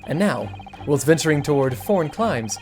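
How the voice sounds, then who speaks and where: A woman's voice: sits low, expressive, normal speed, over music. A woman voicing a grandiose, theatrical male detective from a game, reading his lines aloud. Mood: pompous. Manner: grandiose, declaiming.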